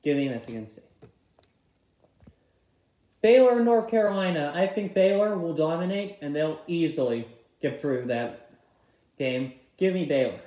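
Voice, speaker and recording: A young vlogger with a fairly high, animated, warm voice chats casually through his tournament bracket picks, moving fast from one game to the next. He keeps apologizing for tapping the wrong teams, and the room he's in sounds echoey.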